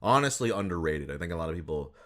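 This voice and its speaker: A man hosting a podcast, chatting casually with a guest in a relaxed, rambling way with frequent laughs. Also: low voice, fast. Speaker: podcast host. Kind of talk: casual interview chat.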